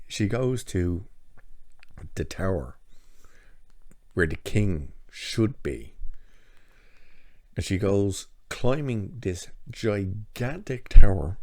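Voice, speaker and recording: A man with a very low, dark, mellow voice talks through an episode recap in loose, chatty fashion. He is sarcastic and swears freely, and the sound is dry and close. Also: vocal fry, no echo. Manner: sarcastic, profane, chatty storytelling. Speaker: TV episode reviewer. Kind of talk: casual spoken recap and review.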